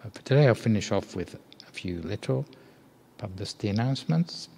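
Deep-voiced monk telling a parable. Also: male voice, animated, creaky, big-room sound, a little hiss or hum. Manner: measured, gentle storytelling with occasional fillers. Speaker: monk giving a Dhamma talk. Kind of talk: storytelling sermon. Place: meditation hall.

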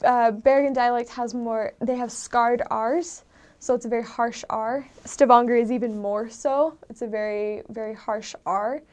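In an unhurried, steady voice on the high side, a little mellow, this woman wanders through an explanation of dialects for her vlog. She isn't from Norway, the country she's describing, and she fills her talk with ums and loose asides.

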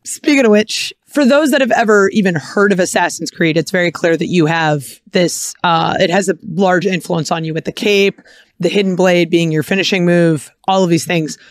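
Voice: medium pitch, moderate pace, dry recording, studio quality. A co-host in casual banter, teasing the guest and laughing often.

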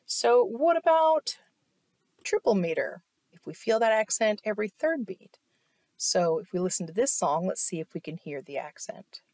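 A woman's voice: lowish voice, expressive, normal speed, a little mellow, no room sound. A woman teaching an online music theory lesson, explaining step by step and often checking in with "right?". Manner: explanatory, asks "right?" often, claps to demonstrate.

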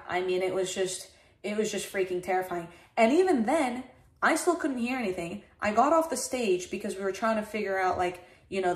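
A woman streamer tells a story in a casual chat on her livestream. She is animated, swears freely and acts out her own past reactions, with a voice of ordinary middle pitch for a woman.

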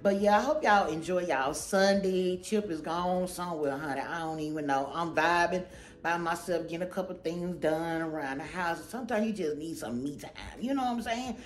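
A woman's voice: fairly low pitch, moderate pace, roomy sound. A woman hosting her own channel, chatting casually and goofily to camera about a shopping haul, rambling with lots of slang. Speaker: channel host.

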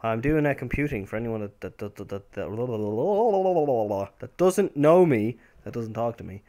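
A young man giving casual, rambling commentary over a football video game, with sudden excited outbursts. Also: mid-range voice, measured pace. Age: young adult. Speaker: gameplay commentator.

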